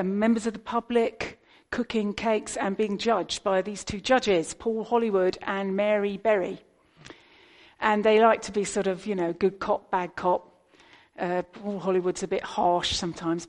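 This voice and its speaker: A woman's voice: medium pitch, a little mellow. A British woman in her fifties giving a sermon in a chatty, conversational way, with asides to the congregation. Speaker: preacher.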